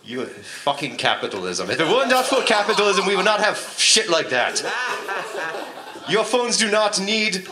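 A man's voice: sits high, moderate pace, voice pushed up. A man playing a pompous revolutionary philosopher with a put-on German accent, lecturing a live crowd in an improv comedy bit. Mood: mock-lecturing. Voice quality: pompous, deadpan mock-lecturing. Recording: echoey live room.

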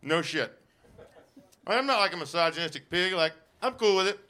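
Male stand-up comic, high-pitched and bright, loose self-mocking delivery. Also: expressive, quick pace. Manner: self-deprecating, rambling with fillers. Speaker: stand-up comedian. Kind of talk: stand-up comedy set.

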